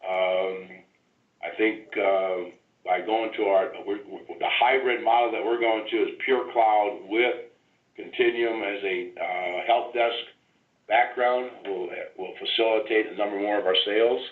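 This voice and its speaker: A man's voice: on the low side, fairly even intonation, unhurried, reverberant. Rambling man on a tinny phone line. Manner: rambling, many restarts and fillers. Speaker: host of a member call. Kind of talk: casual business talk.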